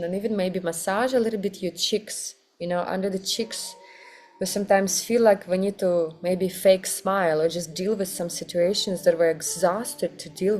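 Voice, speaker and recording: Gentle woman guiding a yoga class. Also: medium pitch. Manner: soft, gentle, slow guiding. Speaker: kundalini yoga teacher. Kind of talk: guided yoga class instruction.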